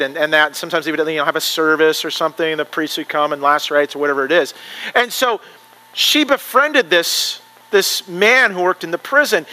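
A male pastor giving a sermon in a church, moving from earnest prayer to chatty, animated storytelling. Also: high-pitched, low-quality recording. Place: church sanctuary.

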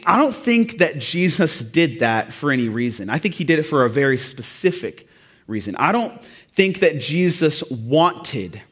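A young man preaching a sermon, casual and self-deprecating at first, building to fervent emphasis. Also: on the high side.

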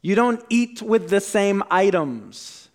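A man preaching a sermon as a pastor, deliberate, dropping to a hushed voice on key words. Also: sits high, big pitch swings.

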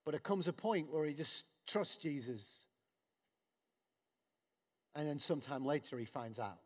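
Male preacher, high and unhurried, dynamic delivery, echo of a large hall. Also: breathy edge. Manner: animated, swings from soft to loud acted quotes. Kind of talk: sermon. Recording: long hall reverb.

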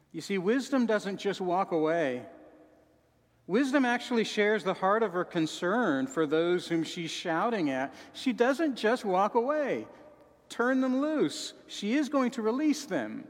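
High-voiced preacher in a reverberant hall. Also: male voice. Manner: dramatic, shifts between soft sorrowful and shouting. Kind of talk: sermon.

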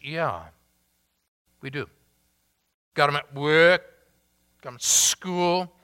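A pastor delivers his sermon at an unhurried, measured pace, stressing key words and posing rhetorical questions to his listeners. His voice sits slightly high for a man and sounds bright and clear. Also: big-room sound. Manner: deliberate, emphatic preaching with rhetorical questions.

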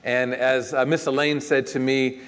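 Texan preacher, mid-pitched man, easygoing sermon delivery with long church reverb. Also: normal speed, smooth. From Texas. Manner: relaxed, searching for words. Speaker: pastor. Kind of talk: conversational sermon. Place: church sanctuary.

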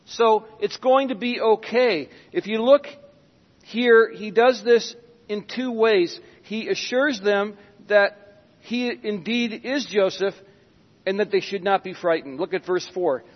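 A man with a high voice preaches slowly and deliberately, letting his words stretch out. His delivery turns dramatic, sinking to a hush and then rising again as he acts out Bible scenes. The sound is dull and lo-fi, with a long reverb tail from a large church hall. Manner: dramatic, with sudden hushed drops and acted-out quotes. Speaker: pastor. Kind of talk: sermon.

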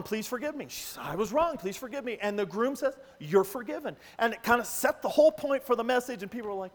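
Animated high-voiced man preaching in a hall. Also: fast talker, hardly any pauses. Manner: animated, acts out quoted voices. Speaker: pastor. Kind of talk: sermon storytelling. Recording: long hall reverb.

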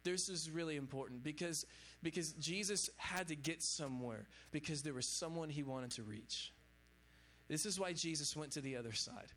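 Guy pastor preaching casual to college kids, kinda high voice, lots of "you know what im saying". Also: moderate pace, a bit bright. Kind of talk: informal sermon to young adults.

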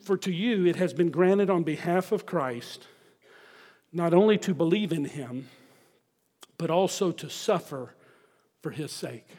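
A pastor preaching a sermon, emphatic and full of rhetorical questions put to the congregation. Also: male voice, fairly high pitch, animated, unhurried, long pauses, darkish tone, big-room sound.

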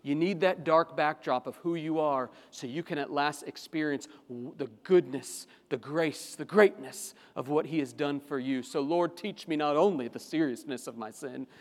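A man's voice: fairly high pitch, normal speed, hardly any pauses. A male pastor preaching a sermon in a church, impassioned and at times pleading fervently. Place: church sanctuary. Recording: long church reverb.

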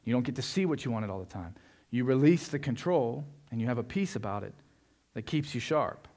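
A man preaching a sermon, moving between quiet reflection and loud, emphatic passages. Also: medium pitch, expressive, brisk. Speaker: pastor.

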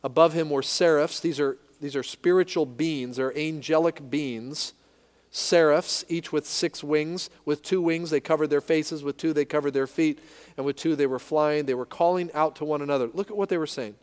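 A man preaching a sermon with strong emphasis, building to loud peaks and dropping back to a soft, low voice. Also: steady tone, normal speed. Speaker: pastor. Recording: long hall reverb.

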